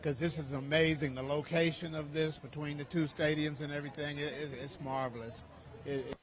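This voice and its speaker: A man with a slightly raised pitch gives a quick street interview outdoors. He speaks with warm enthusiasm and open admiration throughout. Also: fairly even intonation.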